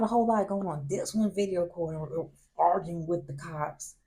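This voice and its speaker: A man hosting a vlog, telling a college story in a casual, animated way, often laughing and acting out what others said. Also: high voice, normal speed. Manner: animated, acts out other people's lines in raised voices. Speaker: vlog host.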